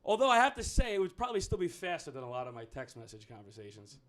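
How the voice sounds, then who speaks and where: A man's voice: high voice, big pitch swings, quick pace, a bit bright. A man doing a stand-up comedy set, rambling, profane and self-mocking.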